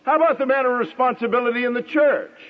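A middle-aged man delivers a sermon in a high, husky voice that rises and falls dramatically. He leans on long pauses and now and then acts out the people in his stories. The sound is dull and lo-fi, like an old radio broadcast. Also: big-room sound. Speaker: preacher.

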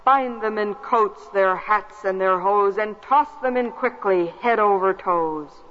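A woman's voice: medium pitch, takes it slowly, long reverb tail, lightly acted. A woman voicing a furious old king who barks orders and stammers, on a lo-fi recording. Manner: shouting orders, stammering in shock.

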